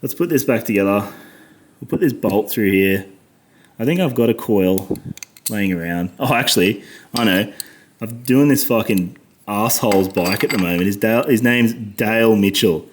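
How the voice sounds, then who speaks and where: A man's voice: fairly low pitch, normal speed, slight background noise. An Australian man talking through a motorcycle repair as he works, muttering and swearing constantly out of frustration. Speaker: motorcycle mechanic vlogger. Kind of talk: casual workshop commentary.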